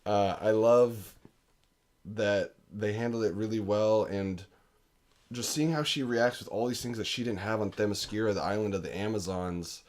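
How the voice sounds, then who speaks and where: A man's voice: normal speed, darkish tone. A young man co-hosting a casual movie podcast, talking enthusiastically and acting out scenes with sudden leaps in his voice. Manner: enthusiastic, acts out quotes with big pitch jumps. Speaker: podcast co-host. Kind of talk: casual movie review chat.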